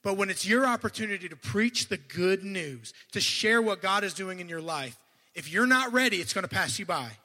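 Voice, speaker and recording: Bright high-voiced preacher in echoing hall. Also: male voice, moderate pace. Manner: animated, swings between loud bursts and quiet asides; admits to stuttering and restarting. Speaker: guest preacher. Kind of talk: sermon.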